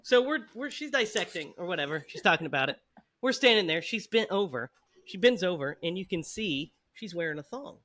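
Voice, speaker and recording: A man's voice: high voice, lively intonation, a little fast, a bit bright. A man hosting a podcast, telling a story in casual chat with frequent laughs. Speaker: podcast host.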